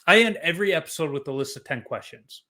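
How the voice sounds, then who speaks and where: A middle-aged man hosting a podcast interview, telling relaxed, chatty stories. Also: a little high, fast. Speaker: podcast host. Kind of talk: casual interview chat.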